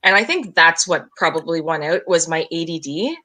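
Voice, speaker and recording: A woman's voice: low voice, lively intonation, normal speed, pushed and bright, low-quality recording. A woman talking casually on a podcast as a guest, chatty and self-deprecating, with frequent fillers. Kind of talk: casual chat.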